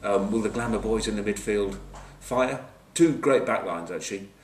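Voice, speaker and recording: A rugby pundit previews an upcoming match in a casual, wry, joking way, full of fillers and asides. His voice is lowish and at a normal speed, picked up by a distant camcorder mic that gives roomy sound with a little hiss or hum.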